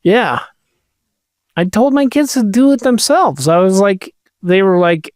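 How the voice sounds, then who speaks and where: A man's voice: high-pitched, moderate pace, clean tone, no room sound, studio quality. A man co-hosting a podcast in casual chat, rambling and jokey. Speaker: podcast co-host.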